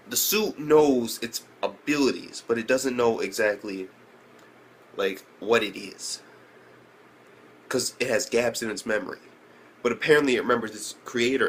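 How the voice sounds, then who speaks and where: A young man reviewing an anime episode in casual speech, slangy and profane, who keeps jumping up in pitch when he reacts. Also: slight background noise.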